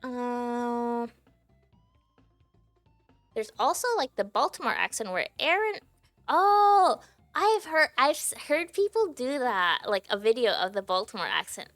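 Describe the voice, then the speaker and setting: Giggly, chatty young woman with gravelly fry. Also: high-pitched, big pitch swings, slow pace, long pauses, fairly bright tone, no room sound, faint music behind. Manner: chatty and giggly, heavy use of "like" fillers. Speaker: livestreamer. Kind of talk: casual stream chat to viewers.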